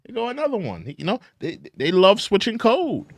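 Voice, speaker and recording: A man hosting an opinionated commentary show, talking in a mocking, repetitive and animated way. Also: high-pitched, fairly quick, no echo, clean studio sound. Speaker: commentary channel host.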